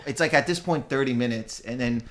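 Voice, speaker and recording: A man's voice: medium pitch, a little fast, a crowd in the background. A man who is a guest comedian on a podcast, telling candid stories in casual chat and often laughing.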